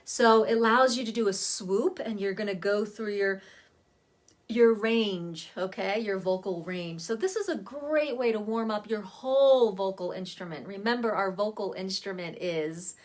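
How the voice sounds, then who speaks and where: A woman vocal coach giving a relaxed, chatty lesson on voice warm-ups, talking to the camera from a seated spot at home. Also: mid-range voice, moderate pace. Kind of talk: casual spoken voice lesson.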